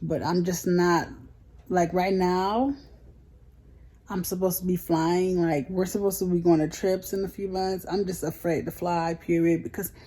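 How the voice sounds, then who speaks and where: Low, mellow-voiced woman vlogging. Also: fairly even intonation, measured pace. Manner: chatty, frank, heated retelling with slang. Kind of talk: casual storytime vlog.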